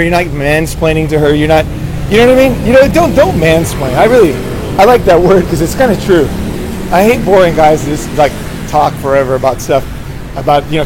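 A man's voice: fairly high pitch, darkish tone. Rambling man giving advice, street noise. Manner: rambling, repeats "right?" often, restarts and stammers. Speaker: dating advice speaker. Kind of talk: casual monologue.

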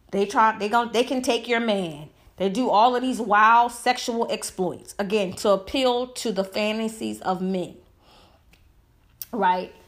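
A woman giving a heated, emphatic opinion monologue full of rhetorical questions. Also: on the high side. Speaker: commentator.

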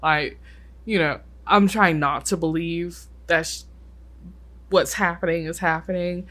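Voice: medium pitch, fairly even intonation, sharp tone. Chatty young adult telling ghost stories. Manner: chatty, many filler likes, quick bursts. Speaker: podcast co-host. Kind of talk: casual storytelling chat.

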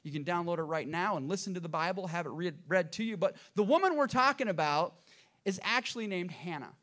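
A man's voice: sits high, expressive, fairly quick, a bit bright. A man preaching a sermon to his congregation, conversational and joking, with frequent restarts. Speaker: pastor.

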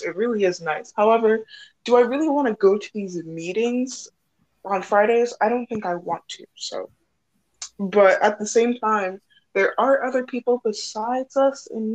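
A woman's voice: on the high side, a little mellow, low-quality recording. A woman hosting a casual chat, rambling and giggly with lots of fillers. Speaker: host.

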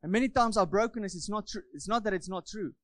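Fervent preacher, high voice. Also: male voice, fast talker, a bit bright, no room sound. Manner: fervent, repeats phrases, asks the congregation for amens. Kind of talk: sermon.

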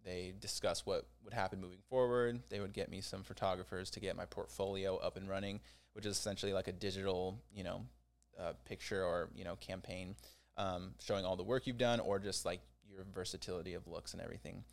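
A man's voice: sits low, fairly even intonation, brisk, gravelly. A young man telling a personal story in a casual, rambling way, with many fillers and restarts.

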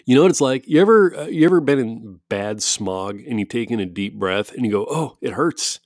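A man at home, rambling casually into a microphone and breaking into chuckles and mock-quoted asides. His voice sits at an ordinary middle pitch. The sound is dry and close, with no room echo. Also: fairly quick, a little mellow. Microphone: studio-style microphone.

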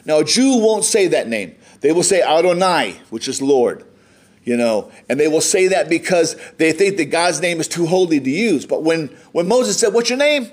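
A man's voice: on the high side, lively intonation, moderate pace. An American man preaching a sermon, reading scripture aloud and explaining it in a conversational way. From United States. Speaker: pastor.

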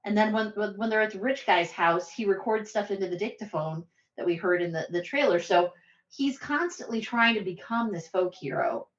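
A woman guest on a podcast, discussing a film casually in a thoughtful, measured way. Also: medium pitch, roomy sound, highs cut off. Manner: thoughtful, measured, uses "like" and "I think".

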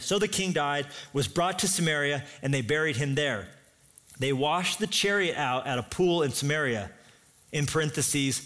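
A man's voice: fairly high pitch, moderate pace, fairly bright tone. A man preaching a sermon as pastor, telling the story with energy and acting out the voices himself.

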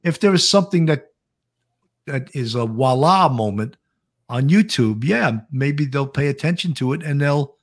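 A man co-hosting a casual livestream talk show as a retired police officer. He explains things in a measured, steady way, with a voice of ordinary middle pitch.

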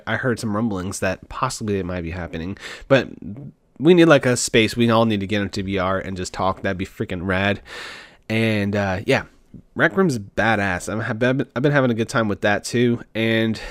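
Man, podcast host, casual chat, excitable, rambling, slangy, medium pitch, dry close sound. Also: dry recording.

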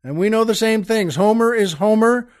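A man's voice: high voice, normal speed. A middle-aged man hosting a show, telling a comic story in a wry, exasperated way. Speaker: podcast host.

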